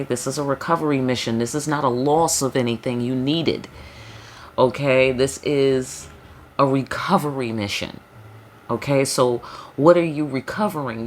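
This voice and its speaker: A woman's voice: low-pitched, a little hiss or hum. A woman giving a casual spiritual tarot reading, talking loosely in slang, with frequent emphatic check-ins to her listeners. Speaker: tarot reader.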